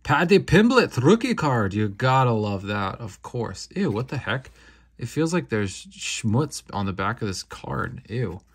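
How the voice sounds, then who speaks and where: A young man hosting a casual card-opening video, talking in a laid-back, slangy way with quick bursts of excitement. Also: fairly low pitch. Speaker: card-opening channel host. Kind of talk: casual unboxing commentary.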